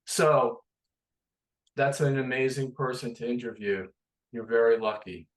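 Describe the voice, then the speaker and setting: A man's voice: medium pitch, unhurried, echoey room, low-quality recording. A man hosting an interview podcast and asking brief, earnest questions. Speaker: podcast host.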